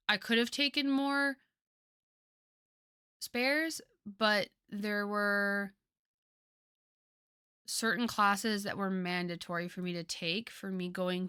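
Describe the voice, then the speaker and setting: Talking casually with viewers on her stream, a woman in her twenties is chatty and lively, leaning heavily on fillers. Her voice is medium-pitched, clear, and resonant, captured at studio quality with no room sound.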